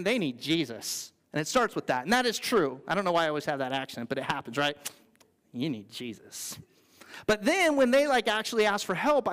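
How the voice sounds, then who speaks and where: A man, the pastor, preaches a sermon in the church sanctuary in an earnest, conversational way, adding playful asides. His voice is high with a fairly bright tone, and the recording has the long reverb of a church hall.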